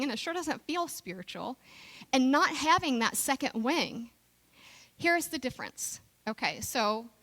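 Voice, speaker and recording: A woman's voice: on the high side, fairly bright tone, rough recording. A middle-aged woman minister giving a conversational sermon, telling a candid personal story with frequent restarts. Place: church sanctuary.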